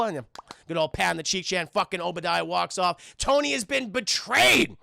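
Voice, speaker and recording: New york guy recapping a movie for his stream chat, high bright voice, bit of fry, dry close mic. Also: dry recording. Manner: rapid, profane, animated retelling. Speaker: film review streamer. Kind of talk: casual livestream film recap.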